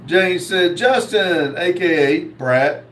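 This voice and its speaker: A man hosting a live stream, reading viewer comments aloud and answering them, with many pauses and fillers. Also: sits high, a bit bright, reverberant, far from the mic, a little hiss or hum, poor audio. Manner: slow, reads comments aloud with many uhs. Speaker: host reading live chat. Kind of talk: casual live stream chat.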